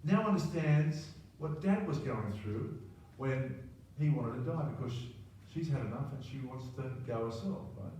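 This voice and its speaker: A man in his sixties with an Australian accent spins a meandering, self-mocking anecdote. His voice is mellow and dark, heard from a little way off the mic in a very echoey room with faint ambience behind it. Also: medium pitch, lively intonation, normal speed, few pauses, far from the mic, a little hiss or hum. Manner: rambling, self-deprecating, keeps adding "right?". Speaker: storyteller. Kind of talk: personal anecdote monologue.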